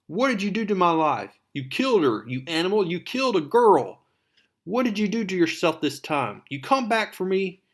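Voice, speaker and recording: A man voicing a grief-stricken teenage boy hero who shouts furious accusations. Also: sits high, sing-song, moderate pace, voice pushed up.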